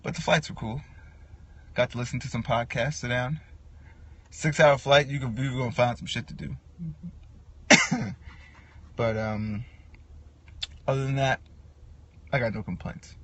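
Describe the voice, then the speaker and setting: A man ranting in a casual, profane monologue, animated and quick to act out what others said. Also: medium pitch, husky. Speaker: podcast host.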